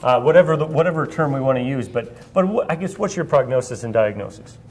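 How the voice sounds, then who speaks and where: A man's voice: medium pitch, quick pace, darkish tone. A young man from Iowa, chatting casually on stage as the host, rambling and joking at his own expense. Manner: rambling, self-deprecating, laughs often. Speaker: event host asking questions. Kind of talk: casual onstage chat.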